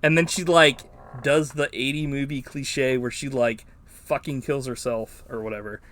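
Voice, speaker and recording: A man's voice: medium pitch, moderate pace. Profane, rambling male podcast host. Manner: profane, rambling, animated retelling. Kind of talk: casual movie-review chat.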